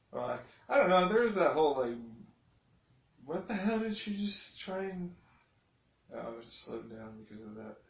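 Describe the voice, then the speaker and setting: A man talking casually in a video journal, reacting to clips, rambling and profane, flaring up into angry shouts. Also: high voice, big pitch swings, a little slow, vocal fry, long pauses. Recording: dull lo-fi sound in an echoey room.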